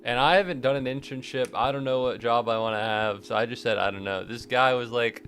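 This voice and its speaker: A man's voice: medium pitch, fairly even intonation, brisk, a bit bright. A man in his twenties chatting casually to his live-stream viewers while gaming, rambling, joking and swearing with a self-deprecating streak.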